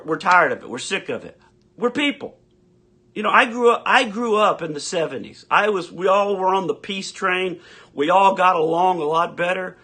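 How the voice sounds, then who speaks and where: A man in his fifties delivers a comic rant into a phone live stream. His voice sits high and cuts through brightly. He swears often, trips over his restarts, and keeps boiling back up to anger. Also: breathy edge. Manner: angry ranting, swears, stammering restarts. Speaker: livestream ranter.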